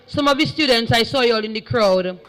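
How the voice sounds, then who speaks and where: A woman acting as master of ceremonies at a live event hall, loudly and energetically urging the audience to cheer. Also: fairly high pitch, fairly quick. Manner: loud, energetic crowd-rousing.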